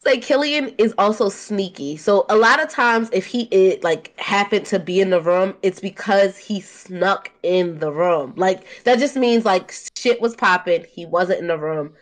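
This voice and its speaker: A woman's voice: medium pitch, measured pace, hardly any pauses. A woman co-hosting a podcast in casual chat, with a Baltimore accent, telling stories defensively, laughing often and filling her speech with "like". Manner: laughing, defensive storytelling with many fillers. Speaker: podcast co-host.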